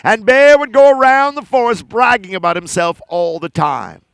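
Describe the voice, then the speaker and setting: A man telling a folk tale to children at a live outdoor event, lively and talking straight to his audience. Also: high voice, normal speed, creaky, clear, resonant tone, no echo. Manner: animated, talks straight to the audience. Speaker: storyteller. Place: outdoor park celebration.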